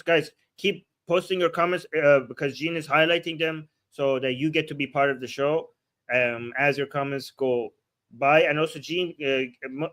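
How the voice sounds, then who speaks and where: A man's voice: fairly high pitch, a bit bright. A man hosting a live political stream, reading news aloud and reacting with blunt sarcasm and many restarts. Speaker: political livestream host. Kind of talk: casual commentary reading and reacting.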